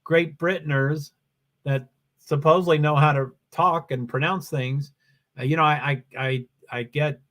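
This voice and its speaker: Guy with a high voice rambling thru race commentary on his stream, restarts sentences a lot, home desk mic. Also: fairly even intonation, a little slow, fairly bright tone. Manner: rambling, self-interrupting, chatty with viewers. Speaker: livestream host.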